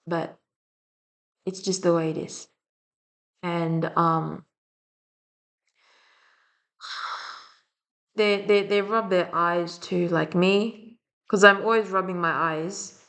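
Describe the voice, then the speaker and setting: Blunt ranting young woman, low voice. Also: fairly even intonation, drawn-out words, pauses often, a bit bright. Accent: French and Slavic. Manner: rambling and blunt, swearing often. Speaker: vlogger. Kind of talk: casual rant to camera.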